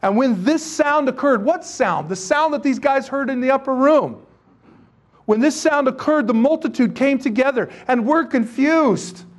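A man preaching a sermon to his congregation, animated and joking, with many rhetorical questions. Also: extremely high pitch, moderate pace. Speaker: pastor.

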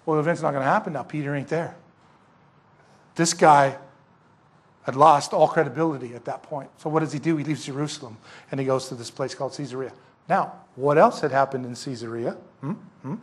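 Speaking a little fast in a husky, mid-range voice, a pastor delivers an expository sermon. He narrates the story vividly and keeps asking his congregation rhetorical questions.

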